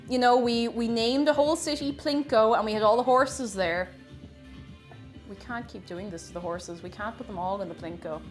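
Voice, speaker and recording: A young woman chatting on a baking live stream, greeting viewers one by one and laughing often. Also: on the high side.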